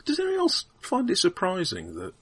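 A man's voice: high voice, huge pitch swings, moderate pace, husky. A man playing in a tabletop game, chatting casually with wry questions. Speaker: player. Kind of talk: casual chat.

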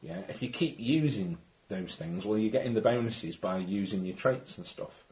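A man's voice: lowish voice, moderate pace, a little mellow, poor audio. A man running a tabletop game, explaining rules and recapping the story in a rambling, chatty way. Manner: rambling, chatty, frequent restarts. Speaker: game master.

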